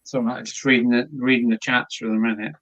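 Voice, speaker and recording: A man's voice: mid-range voice, little pitch movement, fairly quick, fairly bright tone, muffled recording. A man from Dover with a Kent accent, chatting casually on a live stream while he paints, rambling and chuckling with plenty of fillers. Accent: Kent English. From Dover, Kent, England.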